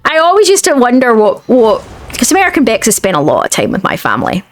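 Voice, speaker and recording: A Scottish gaming streamer chats casually while playing, rambling and often restarting her sentences. Her voice is fairly high, with huge pitch swings and a quick pace.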